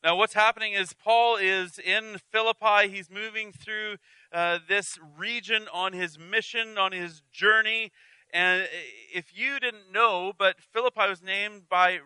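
A man's voice: sits high, sharp tone, clear, resonant tone, dry recording, low-quality recording. A man as pastor preaching an earnest, conversational sermon with frequent restarts and asides.

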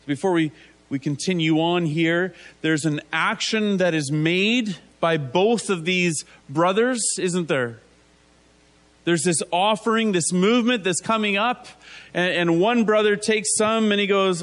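A man's voice: sits high, unhurried, fairly bright tone. A man preaching a conversational sermon, asking rhetorical tag questions and acting out biblical figures in casual voices.

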